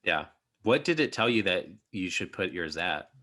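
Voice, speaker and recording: Low-voiced young man, bright and rambling. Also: very animated, normal speed. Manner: rambling, many fillers and restarts. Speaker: podcast host. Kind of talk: casual chat.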